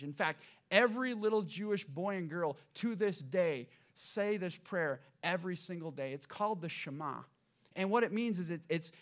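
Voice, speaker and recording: Pastor, male, high voice, dynamic sermon delivery with loud peaks and quiet drops. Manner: dynamic preaching, swings between loud emphasis and hushed lows.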